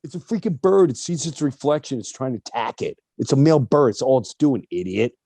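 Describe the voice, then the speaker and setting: Animated middle-aged man telling stories. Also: brisk, no room sound. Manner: animated, acts out other people's voices with big pitch jumps. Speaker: interview guest. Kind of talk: personal storytelling in an interview.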